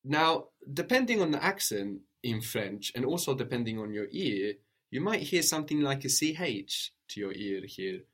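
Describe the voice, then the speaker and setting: A man teaching a language lesson, patiently modeling pronunciation slowly and asking a student to repeat. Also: mid-range voice, big pitch swings, a bit bright.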